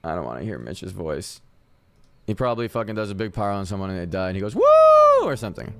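A man streaming a video game, chatting casually, swearing often and yelling repeated callouts when the action heats up. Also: sits low, quick pace, no echo. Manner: excitable, swears a lot, repeats frantic callouts. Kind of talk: casual gaming chat.

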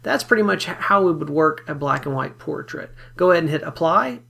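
A man giving a relaxed, step-by-step photo editing software tutorial, talking casually with fillers as he works. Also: on the high side, fairly quick, vocal fry, breathy edge. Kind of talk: screen-recorded software tutorial.

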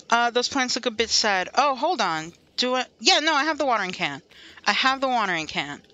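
A woman's voice: a little high, bright, forceful tone. A woman chatting casually through a gameplay livestream, talking to herself and to chat and laughing often. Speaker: streamer. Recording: light music behind the voice.

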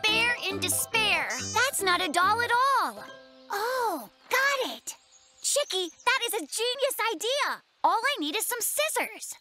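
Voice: very high-pitched, sing-song, unhurried, heavily acted. An actor voicing an earnest little male brown bear cub in a cartoon, hesitant and fretful. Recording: cartoon soundtrack with loud music.

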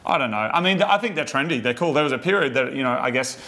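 A man's voice: medium pitch, lively intonation, racing, bright, forceful tone. A man co-hosting a casual car show, playful and joking, laughing often. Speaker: co-host. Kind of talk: casual banter.

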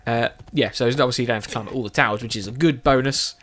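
A man's voice: medium pitch, rapid-fire, fairly bright tone. A tired man, chatting casually as he plays a game and often correcting himself. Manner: rambling, self-correcting, chatty. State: tired with a sore throat. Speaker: gaming video host.

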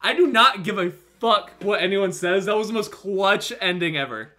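Early-20s male streamer, high and bright, shouty and profane, voice worn from yelling. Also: expressive, moderate pace. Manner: shouting, elated and swearing. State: throat strained from screaming. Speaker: gaming streamer. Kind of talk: excited gaming stream commentary.

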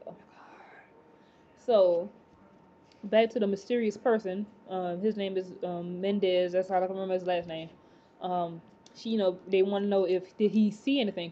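A woman casually recapping a TV episode, rambling with many fillers and excited exclamations. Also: mid-range voice, normal speed, muffled recording, slight background noise. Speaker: TV episode reviewer.

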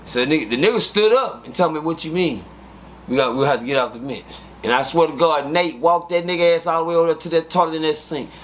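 A man from Midland, telling casual stories as an interview guest, animated and full of fillers. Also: fairly high pitch, fast talker, slight background noise. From Midland, Texas. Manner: animated, repetitive fillers, acts out quotes. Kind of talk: casual storytelling.

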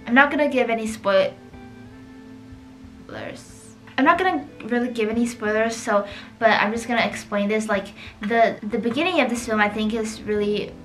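A woman's voice: a little high, low-quality recording. A woman chatting casually about a film while she draws, with "like" dropped into nearly every sentence. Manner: chatty, leans heavily on "like" as filler. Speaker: art vlogger. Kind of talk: casual chat over drawing. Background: soft background music.

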